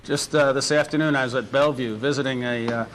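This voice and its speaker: Halting male politician speaking. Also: medium pitch, steady tone. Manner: halting, with many fillers. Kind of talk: press remarks.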